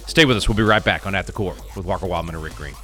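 Male talk radio co-host, bright voice, playful banter, faint music under. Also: low voice, rapid-fire. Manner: jokey, upbeat, frequent restarts. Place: home radio studio.

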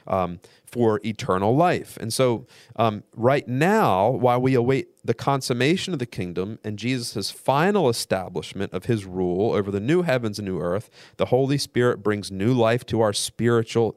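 A man guest-hosting a radio show, giving an earnest, measured theological teaching talk that builds through repetition. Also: lowish voice, darkish tone, dry recording, clean studio sound.

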